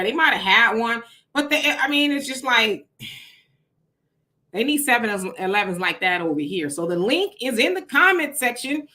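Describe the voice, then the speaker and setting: A woman's voice: high voice, pushed and bright. A woman from California hosting a casual livestream, chatting and greeting viewers by name. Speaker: livestream host.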